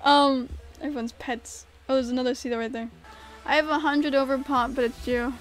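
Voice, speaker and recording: A young woman streaming a game, chatting casually with her viewers and reacting loudly, from mumbles to shrieks. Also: high voice, moderate pace, faint music behind. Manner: expressive, swings between mumbling and shrieking in frustration; reads chat questions aloud and answers. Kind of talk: casual gameplay commentary to chat.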